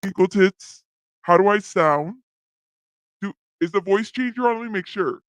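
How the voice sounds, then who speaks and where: A woman's voice: medium pitch, moderate pace, dry recording, pitched below the performer's own voice, low-quality recording. A woman livestream host using a voice changer to sound like a male AI, playfully asking her chat how she sounds.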